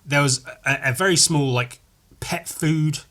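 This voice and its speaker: A man's voice: a little high, measured pace, fairly bright tone. A man hosting a solo comedy podcast, telling a rambling story that keeps correcting itself, with crude asides. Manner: meandering, self-correcting, crude jokes. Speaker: podcast host.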